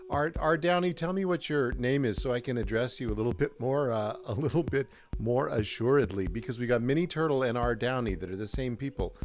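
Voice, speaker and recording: A man's voice: medium pitch, brisk, few pauses. A man hosting a casual livestream chat over a video call, greeting viewers by name in a friendly way. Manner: friendly, reads out viewer names. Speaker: host.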